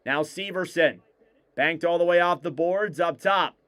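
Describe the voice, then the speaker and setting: Smooth, higher-voiced male hockey commentator. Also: fairly bright tone. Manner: rapid clipped play calls, rising on shots. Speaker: play-by-play commentator. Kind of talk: live hockey play-by-play.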